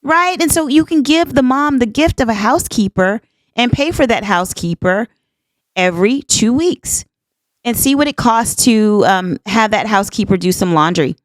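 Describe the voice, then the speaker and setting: A woman in her fifties hosts a podcast in a casual monologue, her voice a little high and expressive at a moderate pace with no room sound. She talks earnestly and emphatically in a folksy way, repeating herself for emphasis and tossing out "honey child" and "y'all."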